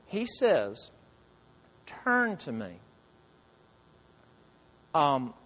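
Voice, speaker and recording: A man preaching a sermon to his congregation, earnest, asking the listeners question after question and dropping to soft, quiet lines. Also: mid-range voice. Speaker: pastor.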